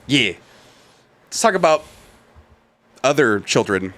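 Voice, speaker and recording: A man's voice: mid-range voice, big pitch swings, slow pace, fairly bright tone. A man co-hosting a podcast in casual, joking chat, swearing freely and steering the talk. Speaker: podcast co-host.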